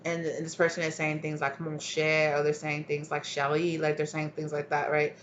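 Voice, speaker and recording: A woman's voice: low voice, monotone, brisk, dull audio, slight background noise. A woman giving a casual tarot reading to her viewers, rambling and chatty, laughing often and calling them y'all. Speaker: tarot reader.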